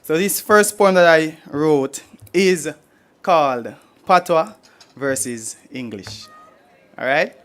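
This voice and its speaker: A man's voice: on the high side, slow pace, long pauses, fairly bright tone. A Jamaican man performing humorous poetry at a live forum, playful and rhythmic, switching into Patois and chuckling between lines. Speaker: poet performer.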